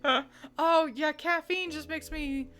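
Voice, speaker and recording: A woman's voice: sits high, steady tone, measured pace, bright, forceful tone. A young woman from the United States streaming and chatting casually with her viewers, rambling with frequent laughter and restarts. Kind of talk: casual chat with chat readers.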